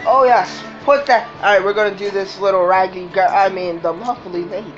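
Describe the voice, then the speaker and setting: A woman doing game commentary, swearing often and reacting loudly to the race. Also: medium pitch, brisk, few pauses. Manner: profane, excitable, swearing at the game. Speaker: gamer. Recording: dull lo-fi recording with game music.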